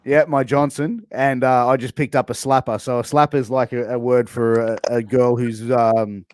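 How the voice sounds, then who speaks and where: A man's voice: mid-range voice, flat delivery, moderate pace, darkish tone, dry recording, clean studio sound. Playful Australian man quizzing on slang. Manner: playful, drops into slangy catchphrases. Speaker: interview host. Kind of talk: casual interview, quizzing on slang.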